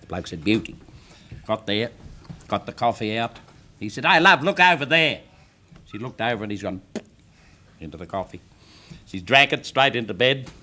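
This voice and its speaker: A man's voice: on the low side, moderate pace, long pauses, bright, forceful tone. An Australian man reading out a joke in a dry, laconic way on a live television comedy show. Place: television studio with live audience.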